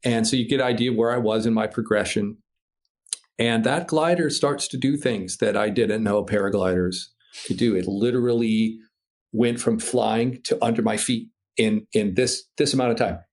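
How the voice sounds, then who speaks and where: Animated storytelling man from Minnesota. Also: on the low side, normal speed. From Minnesota, USA. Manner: animated, swears freely, laughs through tense moments. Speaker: podcast guest, paraglider pilot. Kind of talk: casual interview storytelling.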